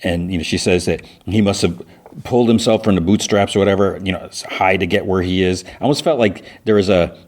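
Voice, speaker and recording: A man's voice: low voice, a little fast, darkish tone. A man hosting a podcast, casually recapping a TV episode in a rambling way, full of restarts and "he's like". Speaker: podcast host.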